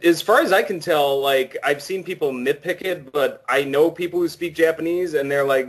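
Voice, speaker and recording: A man's voice: on the high side, moderate pace, few pauses, slightly rough. A young man in a casual panel interview, speaking emphatically and with some indignation. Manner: opinionated, emphatic, slightly indignant. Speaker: co-writer interviewed about his film.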